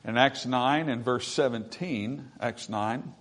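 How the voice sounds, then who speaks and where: A man's voice: medium pitch, takes it slowly. Man preaching with rising emphasis. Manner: preaching with swelling emphasis and folksy asides. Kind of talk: sermon.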